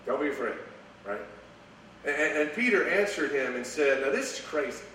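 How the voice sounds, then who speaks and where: A man preaching a sermon, animated, stumbling over repeated words, dropping to a hush and then rising high and loud. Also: normal speed. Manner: animated, repeats words, voice swings from hushed to raised. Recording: echoey room, voice from far off, faint noise.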